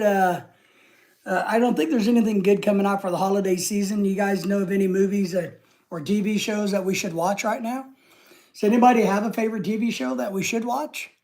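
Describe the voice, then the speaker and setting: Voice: medium pitch, fairly even intonation, fairly quick, darkish tone. A live-stream host chatting casually with viewers, rambling and trailing off at the ends of thoughts.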